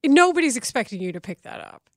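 Wry high-voiced woman from Texas. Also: fast talker, dry recording, studio quality. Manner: animated, wry, laughing often. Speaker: podcast co-host. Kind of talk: casual sports banter.

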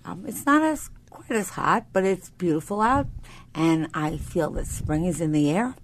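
A woman's voice: fairly low pitch, lively intonation, moderate pace, slight background noise. Chatty upbeat woman hosting talk radio. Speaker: radio show host. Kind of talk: casual talk radio chat. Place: radio studio.

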